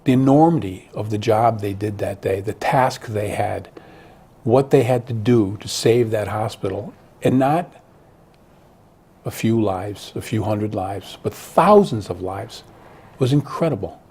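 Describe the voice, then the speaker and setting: A man's voice: lowish voice, a little slow, warm tone, breathy edge. A man, an author, talking earnestly in an interview, often restarting and repeating words. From Connecticut. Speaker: author guest. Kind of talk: interview conversation.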